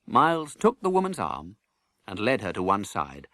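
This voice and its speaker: Animated man reading a storybook. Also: lowish voice, moderate pace, no room sound, studio quality. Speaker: audiobook narrator. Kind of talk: storybook narration.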